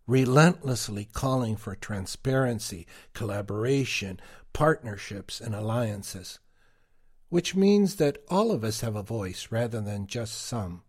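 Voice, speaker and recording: A man co-hosting a podcast, giving prepared commentary in a deliberate, emphatic way. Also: medium pitch, darkish tone. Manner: slow, deliberate, emphatic delivery. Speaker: podcast co-host.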